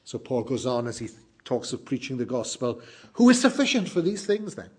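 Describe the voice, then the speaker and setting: A middle-aged man preaching a sermon, earnest and emphatic, moving between loud exclamations and hushed lines. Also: medium pitch, big pitch swings, moderate pace, breathy edge.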